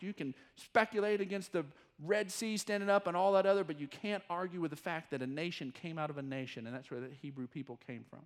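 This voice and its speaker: A man preaching a church sermon, telling stories with animated acted-out quotes. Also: high-pitched. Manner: animated storytelling, acting out quoted voices. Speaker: pastor.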